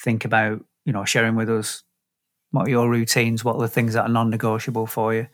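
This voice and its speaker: A man's voice: lowish voice, completely flat delivery, brisk. A man co-hosting a casual podcast chat, easygoing as he steers the conversation. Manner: easygoing, leads the wrap-up. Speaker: podcast co-host.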